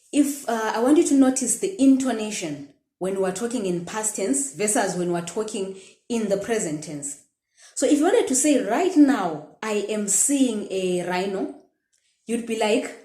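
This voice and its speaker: A woman teaching a language lesson, sounding out words slowly and carefully in repeated drills. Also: mid-range voice, dark tone. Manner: slow, careful pronunciation drills. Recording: echoey room.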